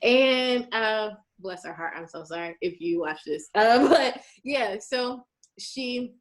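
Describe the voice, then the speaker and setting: A woman's voice: a little high, slow pace. A woman in her twenties hosting a casual chat, telling stories with animation and acting out the people she quotes. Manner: animated storyteller who acts out quoted people. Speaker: host.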